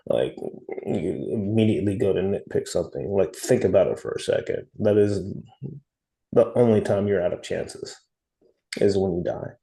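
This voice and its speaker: Podcast co-host, man, low gravelly mellow voice, blunt and profane. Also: moderate pace, low-quality recording. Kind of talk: casual chat.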